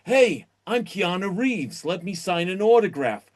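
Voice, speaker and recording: A mellow surfer-dude angel drawls through easygoing, breezy lines, sounding a touch higher than the average man. A man puts him on as a quick improv bit. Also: big pitch swings, exaggerated voice. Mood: laid-back.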